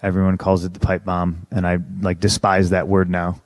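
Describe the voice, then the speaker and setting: In a low, monotone voice at normal speed, a man in his thirties from the United States, a professional wrestler, gives an interviewer his story. He talks casually, bluntly and profanely, griping along the way, and the recording is dry.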